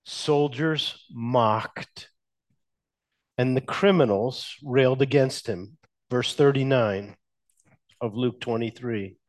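A male pastor preaches slowly, letting each phrase settle before going on. His pitch is an ordinary middle range, and he uses emphatic pauses while addressing questions to the congregation.

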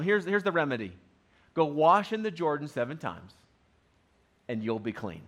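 A man's voice: on the high side, fairly bright tone. A man preaching a sermon in a conversational, storytelling manner. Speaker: pastor.

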